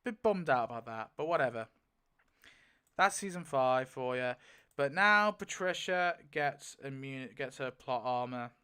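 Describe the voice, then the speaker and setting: A man's voice: medium pitch, lively intonation, measured pace, pushed and bright, clean tone. A young man giving casual commentary as he spins a wheel to pick story outcomes, rambling with lots of filler and frequent swearing. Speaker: video creator.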